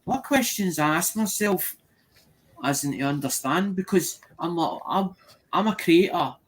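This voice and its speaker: A man's voice: high-pitched, expressive, measured pace. A man chatting casually in a group, rambling and repeating himself, peppering his talk with "as in".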